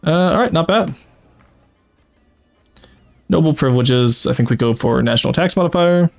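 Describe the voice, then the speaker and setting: A man's voice: a little high, expressive, moderate pace, vocal fry, soft background music. A man streaming a strategy game, casually thinking aloud and explaining his tactics with frequent "uh"s and self-corrections. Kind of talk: casual live-stream commentary.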